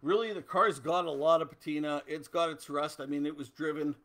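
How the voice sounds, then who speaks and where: A man's voice: on the high side, steady tone, fairly quick, fairly bright tone. A middle-aged man from Canada hosting a casual livestream, chatting loosely and answering viewer comments. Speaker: host.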